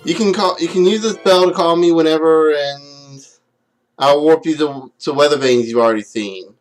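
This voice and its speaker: A man voicing a standoffish, tomboyish young witch girl from a game, in an offhand retelling with a slightly raised pitch. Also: moderate pace, faint music behind, lightly acted, poor audio.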